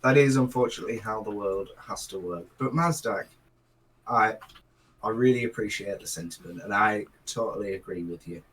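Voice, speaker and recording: A man's voice: fairly low pitch, moderate pace, fairly bright tone, a little hiss or hum, low-quality recording. A man running a tabletop role-playing game as game master, talking hesitantly with many fillers and restarts. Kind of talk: narrating a tabletop game and voicing a mage.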